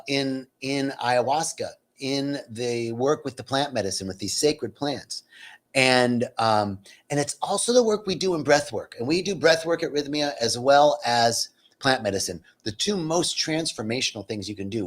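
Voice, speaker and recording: An enthusiastic man talks casually to his live stream audience, greeting viewers warmly by name. His voice sits at an ordinary middle pitch. He streams from a retreat center.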